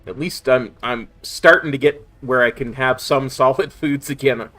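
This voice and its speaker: A man's voice: mid-range voice, normal speed, fairly bright tone, soft background music. A man streaming a game, chatting casually with viewers, with a slight lisp from a sore tongue. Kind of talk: casual live-stream chat.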